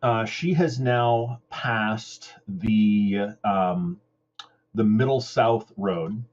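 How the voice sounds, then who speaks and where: A male game master describing a scene in a tabletop game, halting and full of fillers. He speaks slowly, and his muffled, lo-fi recording dulls the voice. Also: on the low side, darkish tone. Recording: dull lo-fi mic.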